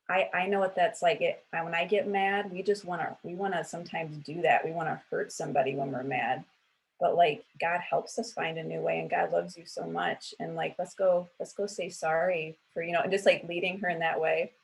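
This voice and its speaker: A woman's voice: low-pitched, gravelly, rough recording. A woman in her thirties at a church women's panel, talking casually and candidly, with lots of filler words and self-corrections.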